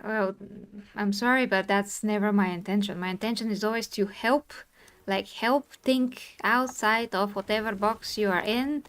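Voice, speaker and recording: Woman streamer, earnest and insistent, middle pitch, tired edge. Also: fairly even intonation, a bit bright, clean tone. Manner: earnest, insistent, quick to apologize. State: tired from talking. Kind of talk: live stream discussion.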